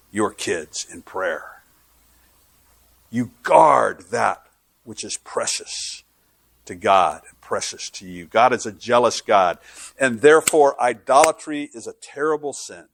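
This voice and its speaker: A man's voice: lowish voice, vocal fry, fairly bright tone, dry recording. A male pastor preaching a sermon, telling stories in a conversational way and building to fervent preaching.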